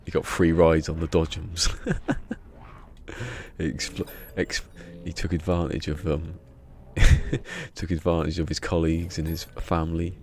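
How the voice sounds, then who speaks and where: A man's voice: sits low, little pitch movement, unhurried. A man chatting casually on a live game stream, joking and rambling with frequent laughter.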